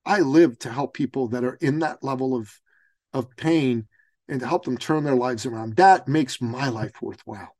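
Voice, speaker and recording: A man's voice: medium pitch, normal speed, no echo. A man, a business coach, telling a story in an interview and acting out the voices of the people in it. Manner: animated storyteller, acts out quotes.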